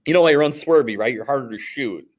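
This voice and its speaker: A man's voice: mid-range voice, quick pace. A man from Wisconsin with an Upper Midwest accent, a history teacher telling a story in a casual, rambling class talk full of restarts. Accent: Upper Midwest American. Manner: rambling, informal, many restarts and fillers.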